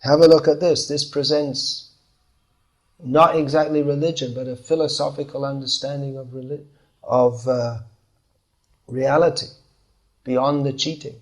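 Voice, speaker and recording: A man's voice: medium pitch, level tone, measured pace, long pauses. A man giving a scripture class in a conversational way, often acting out the replies of the people he describes. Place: class in Bangalore.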